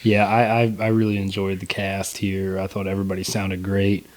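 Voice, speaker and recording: A man's voice: low-pitched, completely flat delivery, normal speed. A young man co-hosting a casual movie review podcast, laid-back and rambling, with lots of fillers and swearing. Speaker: podcast co-host.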